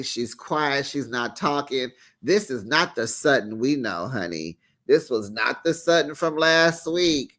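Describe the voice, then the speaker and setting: A man hosting a casual recap of a reality show, sassy and animated, with lots of "honey" and "child". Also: mid-range voice. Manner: acts out the quotes in put-on voices.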